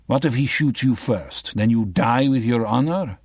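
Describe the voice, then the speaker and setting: A man voicing a grave, solemn Albanian man who speaks in a measured way in an audiobook. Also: medium pitch, darkish tone, breathy edge, no echo, clean studio sound, pitched above the performer's own voice.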